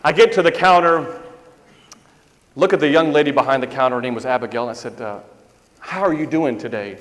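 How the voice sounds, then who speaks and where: A middle-aged priest giving a sermon, telling a story in a conversational way and repeating lines for emphasis. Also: male voice, mid-range voice, fairly even intonation, fast, a bit bright. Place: church sanctuary. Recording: reverberant church hall.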